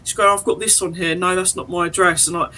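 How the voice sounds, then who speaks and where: A woman, a podcast guest, recounting a frightening experience in animated detail, acting out the dialogue as she goes. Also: fairly low pitch, quick pace, poor audio. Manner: animated, emotional retelling with quoted dialogue. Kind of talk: personal storytelling in an interview.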